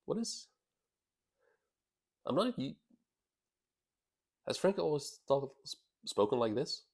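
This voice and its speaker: A man reacting live to a comic chapter, excitable and quick to laugh, often stumbling and restarting words as he comments. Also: mid-range voice, gravelly, slightly rough. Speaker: channel host reacting to a manga chapter.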